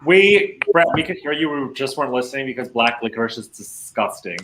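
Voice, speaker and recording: A man co-hosting a live-stream podcast, reading out viewer comments in an excitable, teasing way. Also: medium pitch, a little fast, echoey room, noisy background. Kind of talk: casual live-stream chat.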